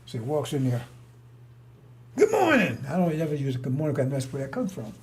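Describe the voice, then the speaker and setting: A man's voice: mid-range voice, very fast, mellow, a little hiss or hum. An older man telling stories in a rambling monologue, blunt and confrontational, with frequent restarts and cursing. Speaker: storyteller.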